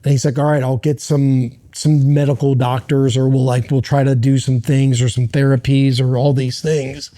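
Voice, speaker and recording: A middle-aged man telling a personal story as a podcast guest, earnest and halting, with many restarts. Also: mid-range voice, level tone, mellow. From United States.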